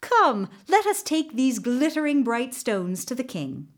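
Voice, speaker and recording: Kindly little talking horse for a storybook, a woman reading it, unhurried and reassuring. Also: high-pitched, sing-song, pitched above the performer's own voice. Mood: calm. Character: small talking male horse, loyal and brave. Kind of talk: storybook narration.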